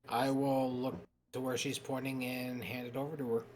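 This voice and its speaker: A man playing a tabletop game, speaking in a relaxed, matter-of-fact way. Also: mid-range voice, moderate pace. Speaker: player. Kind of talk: casual tabletop play.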